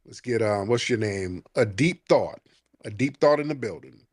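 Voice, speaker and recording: A man's voice: on the low side, expressive, normal speed, over loud music. A man hosting a live call-in show, brash and profane, teasing callers with laughter. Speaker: show host.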